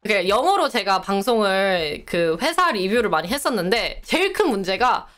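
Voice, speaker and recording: A woman's voice: mid-range voice, very animated, very fast, fairly bright tone, soft background music. A young woman chatting casually on a live stream, rambling and poking fun at herself. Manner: chatty, rambling, self-mocking.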